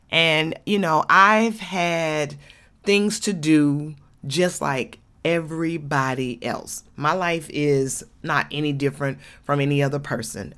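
A woman's voice: sits low, fairly bright tone. A woman, hosting an inspirational podcast and talking candidly and folksily straight to her listeners. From Georgia, USA. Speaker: podcast host.

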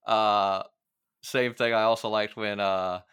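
Podcast co-host, male, relaxed and chatty, smooth low voice, dry close mic. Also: no echo. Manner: chatty, laughing, quick asides. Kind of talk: casual podcast chat.

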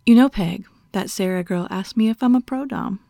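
A woman's voice: medium pitch, moderate pace, vocal fry, warm tone, no room sound, clean studio sound, close to an everyday voice. A woman voicing a stern, dominant female doctor who gives orders and scolds in a half-whispered voice, as whispered role-play. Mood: teasing.

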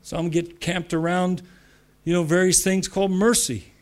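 A man's voice: high voice, flat delivery, normal speed. A man from the United States preaching a sermon to church leaders, emphatic and conversational, repeating phrases for effect. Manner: emphatic, rising to loud declarations; repetitive, conversational asides.

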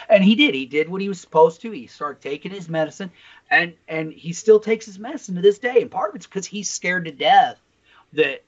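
A man co-hosting a casual podcast, talking bluntly and swearing a lot as he tells a story with animated energy. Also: high voice, fairly quick. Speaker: podcast co-host. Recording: slightly dull lo-fi sound.

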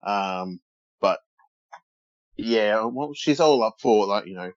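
A laid-back man with a lowish voice, co-hosting a casual podcast and pausing often as he gathers his thoughts. His voice sounds close and dry, and the audio is dull and lo-fi. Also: expressive, no room sound. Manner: laid-back, hesitant, many ums and short agreements. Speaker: podcast co-host. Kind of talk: casual watch-along chat.

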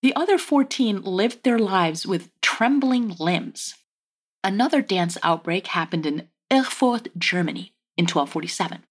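A woman's voice: mid-range voice, expressive, a little slow, breathy edge. A woman hosting a casual history podcast, telling the story with wry, joking asides. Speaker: podcast host.

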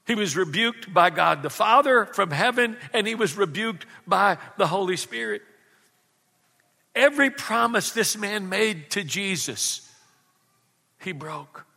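A male pastor preaching a lively sermon and calling for responses from the congregation. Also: high voice, creaky, slightly rough, big-room sound.

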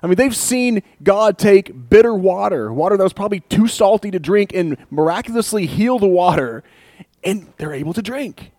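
A man preaching a sermon in a conversational, storytelling way, building to animated emphasis. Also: high voice, moderate pace, dry recording. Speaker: pastor.

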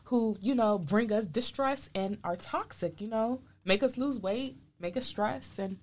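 A woman's voice: on the high side, unhurried, a little mellow. A woman co-hosting a casual podcast chat, emphatic and opinionated, often leading in with "I will say". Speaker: podcast co-host.

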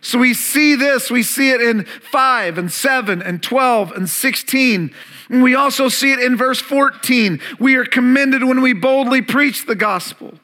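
A man's voice: extremely high pitch, a little slow, pushed and bright. A man preaching a sermon as a pastor, reading scripture and repeating key words for emphasis while asking the congregation questions.

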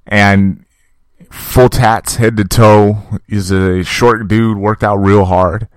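A man's voice: fairly low pitch, little pitch movement, slow pace, clear, resonant tone, dry recording. A man, a fight coach, telling a story in a casual, profane, conversational monologue aimed at his listeners. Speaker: podcast host and fight coach.

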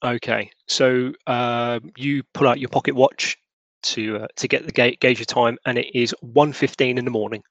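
A man running a tabletop role-playing game, narrating scenes in a relaxed, descriptive way. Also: medium pitch, moderate pace, dry recording, highs cut off. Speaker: game master.

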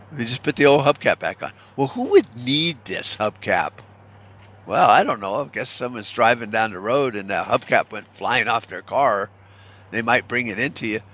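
A middle-aged man vents in a loose, casual monologue, blunt and swearing as he goes. His voice sits at an ordinary middle pitch. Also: a bit bright. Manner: blunt, profane ranting. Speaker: vlogger.

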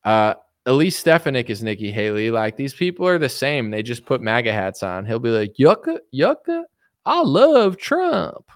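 A man's voice: on the low side, lively intonation, fairly quick, few pauses, clear, resonant tone, no echo, studio quality. A man hosting a livestream, ranting casually about politics in a boastful, combative, sarcastic way. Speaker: livestream host.

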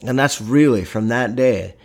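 A middle-aged man tells a personal story in a casual, animated way, with lots of halting restarts. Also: medium pitch.

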